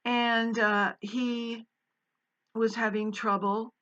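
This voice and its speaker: A woman's voice: on the high side, level tone, extremely slow, a bit bright, highs cut off. A woman and former college English teacher telling a personal story in a casual, meandering way, with many fillers and restarts.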